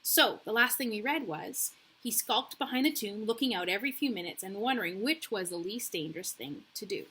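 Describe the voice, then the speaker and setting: A young adult woman reading a chapter book aloud in a relaxed, casual way, with slips and self-corrections. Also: medium pitch, a little fast, hardly any pauses, slightly rough. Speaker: reader. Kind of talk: casual read-aloud for children.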